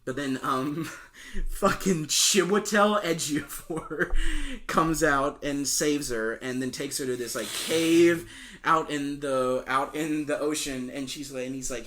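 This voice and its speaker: A young man co-hosting a film podcast retells a movie plot casually, with swearing, laughter and silly quoted voices. His voice is on the high side, fairly bright, and he takes his time.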